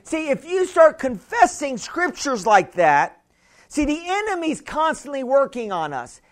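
A man's voice: very high voice, sing-song, measured pace. A man preaching a sermon in a chatty way, laughing often and calling out to the congregation. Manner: chatty, laughing, calls and responses. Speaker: pastor.

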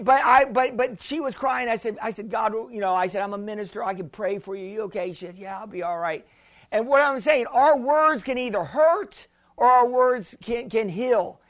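A man's voice: very high voice, fairly bright tone. A male pastor preaching a sermon, emphatic and repetitive, often calling out for an amen.

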